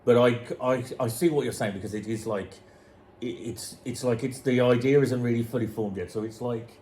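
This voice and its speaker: A man's voice: mid-range voice, fairly even intonation, a little fast, darkish tone, a little hiss or hum. Hesitant man in his forties, casual. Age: 40s. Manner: hesitant, restarts, agreeable. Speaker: guest. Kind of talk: casual music chat.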